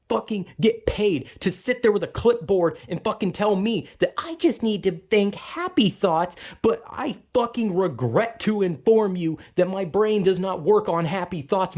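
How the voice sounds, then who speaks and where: Young adult vlogger venting in a heated, profane monologue, voice neither high nor low. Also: darkish tone. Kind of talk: angry ranting monologue.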